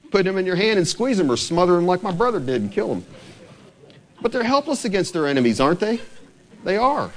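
A man preaching a sermon in a church, animated and full of rhetorical questions, reading scripture aloud slowly and lower. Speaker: pastor. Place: church sanctuary.

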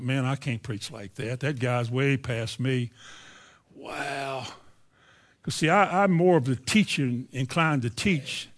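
Preacher telling his story. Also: medium pitch. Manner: storytelling, stammers on words. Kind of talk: sermon with personal testimony.

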